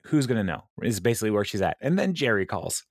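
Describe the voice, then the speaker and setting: A man's voice: fairly low pitch, sing-song, fast talker, no room sound, clean studio sound. A man co-hosting a podcast, retelling a show's scenes in a rambling way, quoting characters, with many fillers. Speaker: podcast co-host. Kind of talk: casual episode recap.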